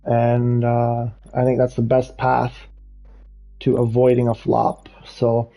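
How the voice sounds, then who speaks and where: A man's voice: mid-range voice, monotone, slow, vocal fry, warm tone, faint music behind. A man streaming a racing game live, chatting loosely with viewers and laughing often. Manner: rambling, laughs often, talks to chat. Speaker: livestreamer playing a racing game. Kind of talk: casual live gameplay commentary. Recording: dull lo-fi stream audio.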